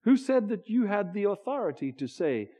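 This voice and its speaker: A man's voice: high voice, sing-song, normal speed, dark tone. A man preaching a sermon in a church, talking in a conversational way, often restarting his words and teasing the congregation. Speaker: pastor. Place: church sanctuary.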